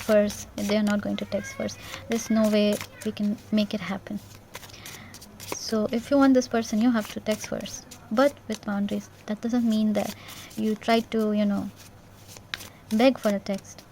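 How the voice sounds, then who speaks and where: A woman giving an intuitive tarot reading in a gentle, reassuring way, repeating herself and checking in with "yeah?". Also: mid-range voice, fairly even intonation, moderate pace, a little hiss or hum. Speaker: tarot reader.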